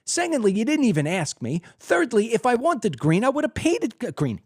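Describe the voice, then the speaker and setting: A man's voice: extremely high pitch, wildly swooping pitch, moderate pace, hardly any pauses, dry recording, studio quality. A man hosting a political commentary show, delivering a heated, emphatic monologue from his desk at home. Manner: emphatic, heated, acts out other people's reactions. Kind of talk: opinionated monologue.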